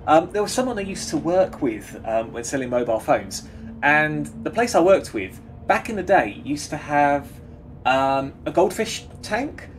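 Chatty man streaming a game. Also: a little high. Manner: chatty, rambling, giggly, lots of restarts. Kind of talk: casual gameplay chat.

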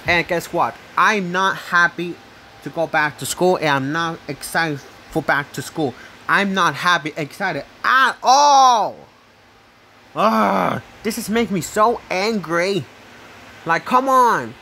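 A man with a high, sharp voice rants angrily into the camera, going over the same complaints again and again. He talks slowly and breaks into yelling now and then, which gives it an unpolished vlog feel. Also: a little hiss or hum. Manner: angry, repetitive ranting with bursts of yelling. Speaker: vlogger. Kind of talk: angry vlog rant.

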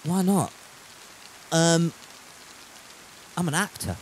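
A man's voice: high voice, animated, moderate pace, a little hiss or hum. A man chatting casually while streaming a game from home, reading chat aloud and swearing freely.

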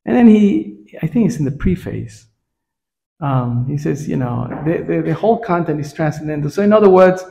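Man, scripture class in a temple, mellow dark tone, talks with the room, keeps asking "right?". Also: fairly high pitch, lively intonation, normal speed, gravelly. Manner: frequent "right?" check-ins with listeners.

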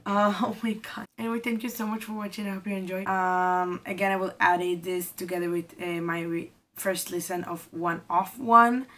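A young woman K-pop reaction vlogger gushes and exclaims often as she reacts to music, using non-native phrasing in casual commentary. Her voice is on the low side and fairly bright, with fairly even intonation, a moderate pace and few pauses, over faint music.

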